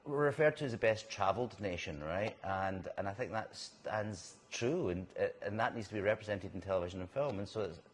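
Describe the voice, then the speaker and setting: Deep-voiced Scottish man, chatty storyteller. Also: brisk, hardly any pauses. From Scotland. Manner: animated storyteller, restarts and laughs mid-sentence. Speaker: actor guest. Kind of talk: casual interview chat. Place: whisky bar in a city centre.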